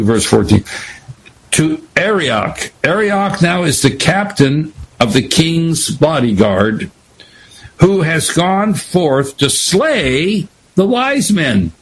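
A man teaching a Bible study lesson, retelling scripture in an animated, digressive way. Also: mid-range voice, gravelly, breathy edge, low-quality recording.

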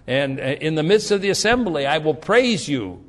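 A man delivers a sermon in a somewhat high voice, his pitch rising and falling with lively emphasis. He reads scripture slowly and with weight, often repeating himself as he presses a point. His voice rings out with a long hall reverb. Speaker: preacher.

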